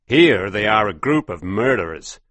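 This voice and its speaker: Storybook part: stern, fearful old father, low dry voice, read by a man. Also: sing-song, moderate pace, a bit bright, no room sound. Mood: warning. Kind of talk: storybook reading for English learners.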